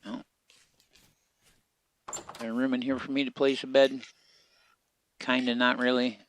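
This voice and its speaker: A man giving relaxed, casual commentary as he plays a survival game, talking half to himself. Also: medium pitch, measured pace, slight background noise. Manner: relaxed, muttering to himself while playing. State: hiccups. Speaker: game streamer.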